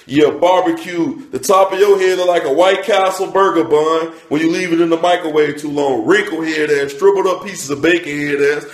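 A man delivering a rapid-fire comedic roast, with profane, rhythmic insults and a punchline he keeps repeating. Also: a little high, reverberant.

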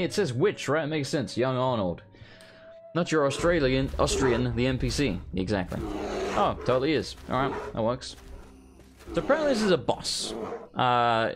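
Guy doing a let's play, lively bouncy voice, cussing and yelping, loud game music behind. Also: medium pitch. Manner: joking, loud outbursts, swearing. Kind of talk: casual gameplay commentary.

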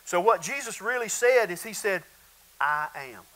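Bright-voiced, high-pitched man preaching. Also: expressive, normal speed, poor audio. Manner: emphatic, repetitive, addresses congregation as guys. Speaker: pastor. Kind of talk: sermon.

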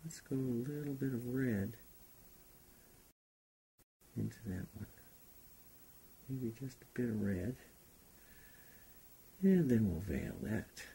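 A man's voice: medium pitch, lively intonation, takes it slowly, long pauses, dark tone, slight background noise. A man teaching a painting class, talking unhurriedly and thinking aloud as he paints. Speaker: painting instructor. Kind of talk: relaxed painting demonstration.

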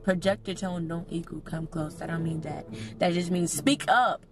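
A woman's voice: lowish voice, fairly even intonation, normal speed, music in the background. Exasperated woman telling a friend to speak up. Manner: exasperated, swearing, keeps demanding he speak up. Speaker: friend of the host. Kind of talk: casual chat.

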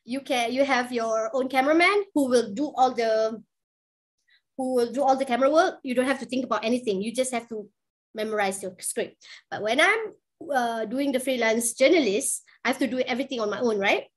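High-voiced chatty woman. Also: a little fast. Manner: animated, chatty, with frequent "like" and "man". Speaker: guest speaker, freelance journalist. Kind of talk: casual storytelling to an online class.

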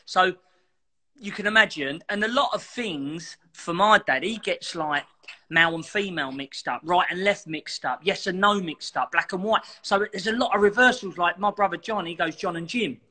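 Bright-voiced man telling stories. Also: high voice, moderate pace. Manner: animated storytelling, laughing, swearing. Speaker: co-host. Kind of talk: casual chat.

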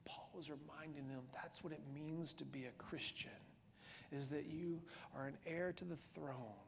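A middle-aged man preaching in a church, his voice sitting a little high for a man. He talks to the congregation in a conversational way, then climbs to loud emphatic peaks and falls away to hushed, near-whispered lines. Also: steady tone, moderate pace, creaky, a little hiss or hum. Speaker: pastor. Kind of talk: sermon. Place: church sanctuary.

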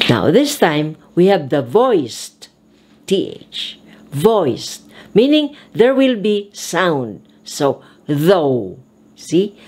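A woman speech teacher giving a pronunciation drill lesson, saying each word slowly and with careful over-articulation, then repeating it. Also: lowish voice, very animated, a little mellow, a little hiss or hum.

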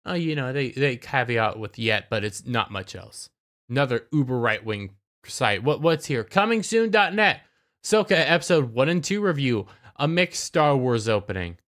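A man's voice: mid-range voice, lively intonation, moderate pace, a bit bright. Sarcastic young guy ranting on camera. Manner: sarcastic, mocking, repeats words when starting sentences. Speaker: YouTube commentator. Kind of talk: casual rant commentary.

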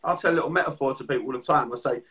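A man hosting a podcast, telling stories quickly and casually with swearing. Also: mid-range voice, recorded from a distance. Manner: rapid storytelling, swearing, animated. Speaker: podcast host and therapist.

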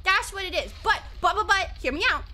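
A woman's voice: very high-pitched, animated, a little fast, pushed and bright, slight background noise. A young woman from the American South chatting casually with her stream audience while she plays a game, swearing freely and yelping when the game startles her. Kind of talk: casual chat while gaming.

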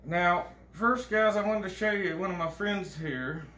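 A crude, bragging older state governor, as a man puts him on rambles. The voice sits high and bright. It rings in a roomy, echoey space. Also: measured pace. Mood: ranting. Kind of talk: comedic impression monologue. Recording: echoey room.

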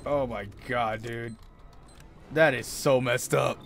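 A man's voice: mid-range voice, steady tone, slow pace, gravelly, a bit bright, a little hiss or hum. A young man streaming a horror game, yelping and laughing nervously as he plays. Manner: jumpy, yelps and nervous laughter. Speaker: gaming streamer. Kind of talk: horror let's play commentary.

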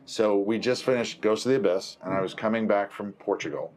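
This male film producer has a lowish, darkish voice and talks briskly. He rambles through a long story in casual conversation, correcting himself along the way and performing the dialogue he quotes.

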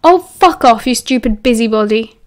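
A woman with a British accent voicing an angry fourteen-year-old boy wizard who snaps and shouts. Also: on the high side, fairly even intonation, fairly quick, natural voice. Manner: fierce, snapping and loud.

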